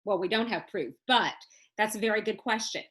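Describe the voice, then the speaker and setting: A woman's voice: mid-range voice, fairly quick. A woman teaching a business law class in a recorded lecture, explaining in a casual, colloquial way and teasing her students with jokes. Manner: lively, joking, teasing students.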